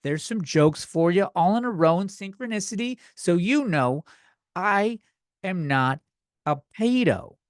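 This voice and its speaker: A tipsy man hosting a comedy podcast, ranting loudly and repeating himself. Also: high voice, animated, unhurried, no room sound, clean studio sound. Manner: drunk, loud outbursts, repeats himself. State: tipsy from beer. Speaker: podcast host. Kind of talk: comedic rant.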